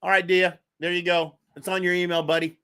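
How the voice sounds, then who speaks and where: A man hosting a casual live-streamed sports talk show, animated and scattered, laughing while he juggles links and texts. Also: sits high, a little fast, smooth. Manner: animated, laughing, talks to chat and co-hosts. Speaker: podcast host.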